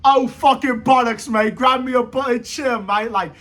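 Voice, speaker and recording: A man's voice: very high voice, normal speed, fairly bright tone, pitched above the performer's own voice. An American man putting on a crude, exaggerated British football fan with a mock British accent.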